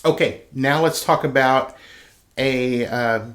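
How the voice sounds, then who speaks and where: Male band teacher, average pitch; counts beats aloud while demonstrating, casual and encouraging. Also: takes it slowly, fairly bright tone. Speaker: band director teaching conducting. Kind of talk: instructional video lesson.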